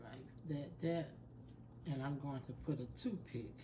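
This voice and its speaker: A man's voice: medium pitch, unhurried, noisy background. A man hosts a home cooking show, chatting in a folksy way while he works. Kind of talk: casual cooking demonstration.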